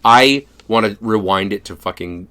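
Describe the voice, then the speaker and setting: A man co-hosting a podcast, chatting casually about movies in an animated, swearing manner. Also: lowish voice, moderate pace, no room sound. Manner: animated, swears freely, quotes film lines. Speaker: podcast co-host. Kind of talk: casual movie review chat.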